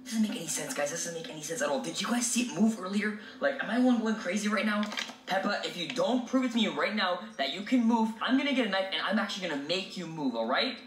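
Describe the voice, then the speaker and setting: A man's voice: high-pitched, animated, quick pace, a bit bright, slight background noise. A man filming a spooky vlog, talking jumpily to his viewers and calling them guys. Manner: jumpy, addresses viewers as guys. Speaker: video creator. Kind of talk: scripted haunted-doll vlog. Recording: roomy, distant, music underneath.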